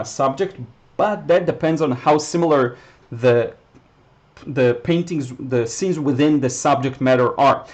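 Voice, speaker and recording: A man with an Israeli accent, a native Hebrew speaker, casually teaching watercolor on a livestream and answering chat questions, thinking aloud. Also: a little high. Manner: relaxed, thinking aloud, with fillers and restarts. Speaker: watercolor instructor.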